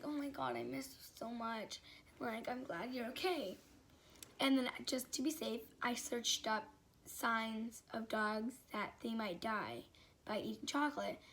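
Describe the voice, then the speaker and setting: A woman's voice: on the high side, pushed and bright. A young woman telling a personal story in a casual, rambling way, full of fillers and restarts. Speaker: vlogger.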